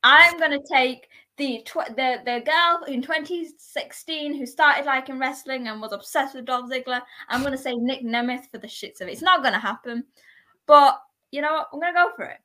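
A young woman co-hosting a casual wrestling podcast, talking in animated bursts and often restarting her sentences. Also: high-pitched, moderate pace. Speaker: podcast co-host.

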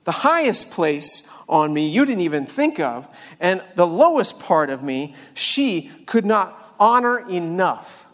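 A man with a high voice preaches at an unhurried pace. He drops to hushed tones when reading scripture and rises to fervent, exclaimed prayer. His voice rings with the long reverb of a large hall. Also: sing-song. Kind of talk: sermon.

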